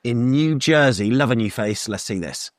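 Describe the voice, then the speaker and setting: A man's voice: medium pitch, animated, normal speed, no echo, clean studio sound. A man co-hosting a football fan channel, upbeat and introducing viewer clips in casual chat.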